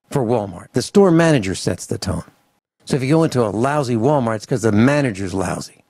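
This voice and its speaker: A male radio talk host with a gravelly, creaky, mid-range voice launches into a grumbling, animated rant, acting out short mock conversations between people. He records in a home studio on a farm, and the studio microphone sounds dry and close with no room echo.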